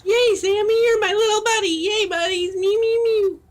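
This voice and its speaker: Man doing a squeaky cooing baby voice. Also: steady tone, normal speed. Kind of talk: squeaky baby talk to a pet.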